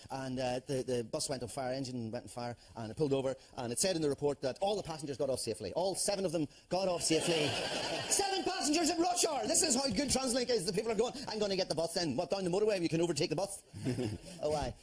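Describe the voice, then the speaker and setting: A man's voice: fairly high pitch, expressive, fast talker, very noisy. A man telling rambling comic stories on a panel show, breaking into giggles. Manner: giggly, rambling anecdotal delivery. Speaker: comedy panellist.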